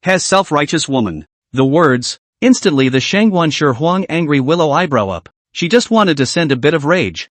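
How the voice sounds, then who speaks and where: Male narrator reading a comic recap aloud, higher-leaning voice with a lot of pitch movement, set close and dry with no room sound around him. He keeps a steady storytelling read throughout. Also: moderate pace, hardly any pauses, dry recording.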